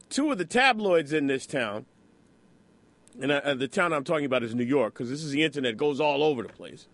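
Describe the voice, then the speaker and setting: Animated high-voiced male radio host. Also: dry recording. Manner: animated, rhetorical, conversational. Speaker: radio talk show host. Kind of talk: political radio commentary. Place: radio studio.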